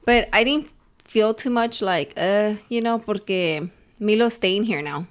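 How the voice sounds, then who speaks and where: Her voice sits at a medium pitch and runs a little slow. She's a young woman co-hosting a podcast, casually recounting her week in a rambling way and dropping in bits of Spanish.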